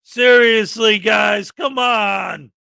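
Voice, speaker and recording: A man's voice: sits high, extremely slow, creaky, sharp tone, clean tone, dry recording, shouting, poor audio. A man hosting a commentary channel, ranting with sarcastic exasperation.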